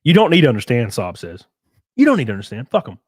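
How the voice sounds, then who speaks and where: A man hosting a livestream, reading viewer donations and ranting in a profane, excitable way. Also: medium pitch, quick pace, breathy edge, no echo, studio quality. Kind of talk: casual livestream chat and rant.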